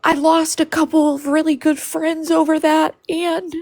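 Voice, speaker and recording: A woman hosting a livestream, tearful and apologetic, talking in halting bursts through crying. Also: sits high, level tone, a little mellow. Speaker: livestream host. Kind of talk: emotional livestream chat.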